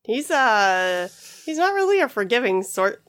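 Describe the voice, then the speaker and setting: A woman's voice: a little high, big pitch swings, a little slow, a bit bright. A woman playing a blunt, wary young woman adventurer in a tabletop game, in a casual voice close to her own.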